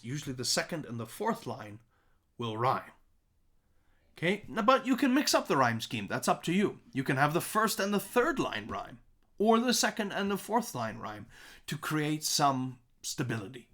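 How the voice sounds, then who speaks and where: A man's voice: on the high side, fairly bright tone. A man teaching a recorded music lesson, chanting nursery rhymes as examples and checking in with "okay?" and "right?".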